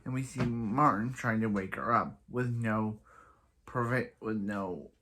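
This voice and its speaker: A man's voice: fairly low pitch, unhurried, bright, forceful tone, slight background noise. A young man giving a casual, rambling recap of a TV episode, often stumbling and restarting his sentences. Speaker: show reviewer.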